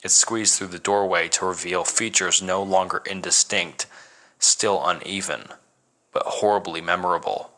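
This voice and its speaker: A man reading a first-person horror story as narrator, measured and dramatic. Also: low-pitched, sharp tone.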